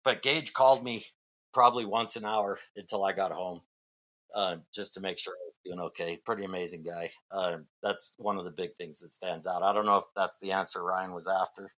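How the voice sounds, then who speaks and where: A man's voice: sits low, fairly even intonation, a little fast, a bit bright. A middle-aged man from Massachusetts, a podcast guest, telling a long story in a rambling way with many fillers and restarts. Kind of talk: casual storytelling.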